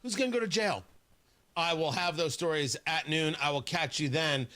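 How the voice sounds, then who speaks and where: A male radio host who talks in loose, chatty banter, with a high, bright, forward voice. He restarts sentences often and laughs along with his co-hosts. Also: moderate pace. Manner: chatty, laughing, trips over words. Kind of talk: casual morning radio banter.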